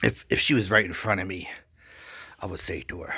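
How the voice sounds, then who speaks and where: A man telling a rambling satirical comedy story with goofy, deadpan asides. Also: low voice, brisk, long pauses, husky.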